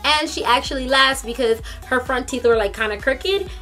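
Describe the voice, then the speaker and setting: A young woman vlogger telling a story in a casual, animated, slangy way from a room in her parents' home. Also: sits high, moderate pace, soft background music.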